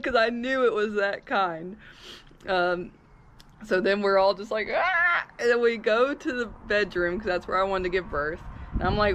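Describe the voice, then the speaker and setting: A young woman recounts her story in a casual vlog, animated and quick to act out what everyone said. Her voice sits at an ordinary middle pitch, with a faint hiss of background noise behind her. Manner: animated retelling, acts out her own yells and quotes. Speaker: homesteading vlogger telling her birth story.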